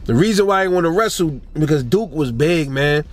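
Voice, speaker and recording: A young man ranting and telling a casual story about fighting, swearing a lot and rising in pitch when he gets riled up. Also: animated, fairly quick. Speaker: boxing commentator.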